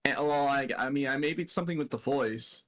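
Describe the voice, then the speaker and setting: A man chatting with a friend over voice chat, animated, teasing and playfully whiny. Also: medium pitch, a little fast, no room sound. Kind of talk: casual voice-chat banter.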